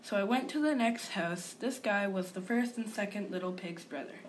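A woman's voice: mid-range voice, normal speed, slight background noise, natural voice. A woman reading aloud as a male wolf narrator, telling his side of the story in an aggrieved, confiding manner. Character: wolf, male, self-pitying and sly.

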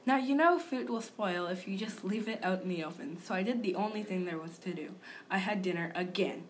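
A woman reading aloud plays a sly, self-pitying male wolf who confides his aggrieved account of the story. Her mid-range voice moves briskly and stays close to her everyday speech, with a little hiss or hum present.

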